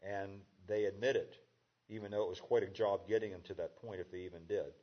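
A man preaching a conversational sermon as a pastor, halting with fillers and restarts. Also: fairly low pitch, fairly even intonation, dull audio.

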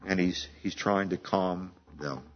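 In a sermon told through stories and easy conversation, a man in his 70s frequently restarts phrases and breaks into laughter. His low voice is unhurried, and the recording sounds dull.

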